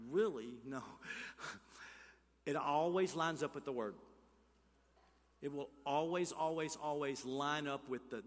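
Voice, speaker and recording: Male pastor mid-sermon, bright, slightly high voice, call-and-response with the room, church hall echo. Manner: preaching with swings between loud emphatic calls and hushed near-whispers; asks the congregation questions and leads call-and-response. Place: church sanctuary.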